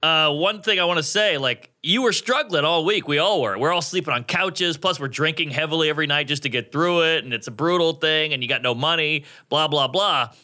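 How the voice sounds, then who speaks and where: A man who is a guest comedian, chatting casually on a podcast and telling animated stories in which he acts out other people's voices. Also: a little high, brisk, hardly any pauses.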